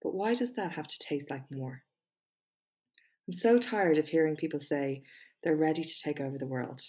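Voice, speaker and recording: A woman's voice: deep voice, normal speed, a little mellow. A woman hosting her own podcast, chatting frankly and with self-deprecating humour before reading a speech of hers aloud in an emphatic style. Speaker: podcast host and small business owner.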